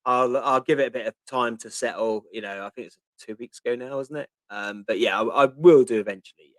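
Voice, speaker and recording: A man's voice: mid-range voice, lively intonation, a little fast, no echo. A man in his fifties with a Portsmouth accent, hosting a casual live-stream Q&A, chatting and reading out viewer questions with lots of ums. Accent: Portsmouth (Pompey). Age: 50s. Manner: chatty, answers viewer questions, reads comments aloud with many ums. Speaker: host.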